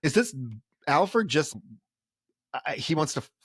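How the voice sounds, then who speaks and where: A man's voice: on the high side, expressive, unhurried, fairly bright tone, breathy edge, no echo, clean studio sound. A man co-hosting a film podcast, ranting bluntly with lots of swearing and acting out characters' lines. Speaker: podcast co-host. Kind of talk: casual film review chat.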